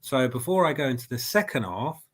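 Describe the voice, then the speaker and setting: A man's voice: medium pitch, lively intonation, a little fast. A man with a cold hosting a casual live football reaction stream at home, rambling with many fillers and restarts. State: has a cold. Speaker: football fan channel host. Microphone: desk mic at a laptop.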